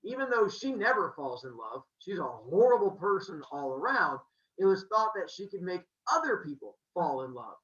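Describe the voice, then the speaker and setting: A man casually retelling Greek myths in a jokey, animated way, pointing out posters in an indoor room. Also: sits high, normal speed. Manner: animated, jokey, uses 'like' for quotes. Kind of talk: casual comic myth retelling. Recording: echoey dull room sound.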